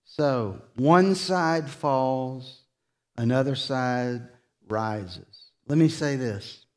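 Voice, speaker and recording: A male pastor preaching a sermon in a church, slow and dramatic, rising to loud emphasis and dropping soft. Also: mid-range voice. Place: church sanctuary.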